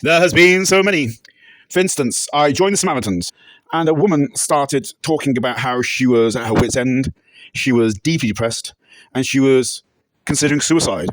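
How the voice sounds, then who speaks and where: A man telling rambling, deadpan, absurd comic anecdotes and breaking into shouted catchphrases. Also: medium pitch, moderate pace, no echo. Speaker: comedic interviewee. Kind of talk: deadpan absurd comedy monologue.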